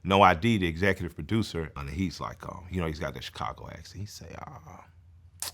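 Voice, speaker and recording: Heartfelt low-voiced man. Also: fast talker. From Atlanta, US. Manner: soft-spoken, heartfelt, reciting rap lyrics. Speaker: rapper explaining his song. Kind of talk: reflective interview talk.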